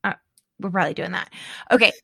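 A middle-aged woman in casual chat, animated and dramatic, laughing often. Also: lowish voice, fast, vocal fry, slightly rough, no echo, clean studio sound.

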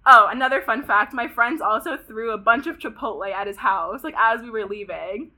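A young woman of about twenty from Pasadena, California, guests on a podcast and tells a story with heavy drama. Her voice is very bright and pitched a little high. She piles on "like" and swears freely as she talks. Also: moderate pace. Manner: dramatic, animated retelling, heavy use of "like" and swearing. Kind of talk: casual storytelling chat.

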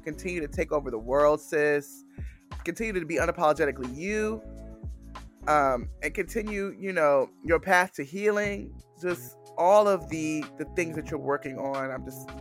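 A male podcast host with a slightly high voice and a gravelly, fry-heavy edge, talking in an earnest, affirming way. He often restarts his sentences. Faint music plays behind him. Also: moderate pace. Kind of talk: casual podcast chat.

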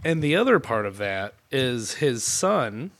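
A man's voice: medium pitch, very animated, a little slow, fairly bright tone, slight background noise. A man co-hosting a podcast in casual chat, joking and cursing, now and then putting on goofy voices. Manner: joking, profane, slips into goofy impressions. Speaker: podcast co-host.

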